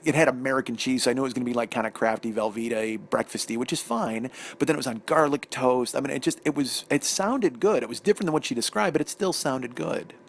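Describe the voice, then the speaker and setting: Gravelly man ranting comic story. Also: medium pitch. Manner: animated, profane, ranting. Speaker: podcast host telling a story. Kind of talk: comedic storytelling monologue.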